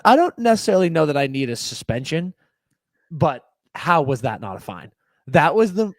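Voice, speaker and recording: A young man co-hosting a casual sports podcast, talking fast and heated with frequent restarts and swearing. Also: medium pitch, no echo. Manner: animated, swearing, quick restarts. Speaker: podcast co-host. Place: podcast studio.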